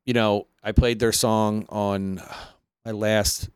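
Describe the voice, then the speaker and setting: A young man hosting a casual podcast chat, easygoing and quick to laugh, with lots of "uh" as he talks. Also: lowish voice, little pitch movement, smooth, dry recording, studio quality. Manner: laid-back, laughing, trailing off with "uh". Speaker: podcast host.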